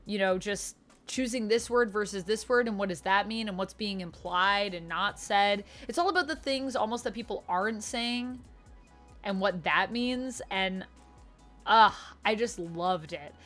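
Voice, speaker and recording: A woman chats through a casual book review vlog in an easygoing, eager way, leaning on fillers as she thinks aloud. Her voice sits at an ordinary middle pitch. Quiet music plays faintly beneath her. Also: measured pace. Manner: chatty and enthusiastic, lots of "like" fillers.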